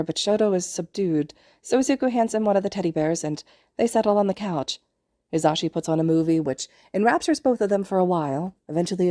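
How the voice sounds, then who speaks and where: A woman reading fanfiction aloud in a gentle, even storytelling voice. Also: on the low side, dry recording, clean studio sound. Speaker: podfic reader.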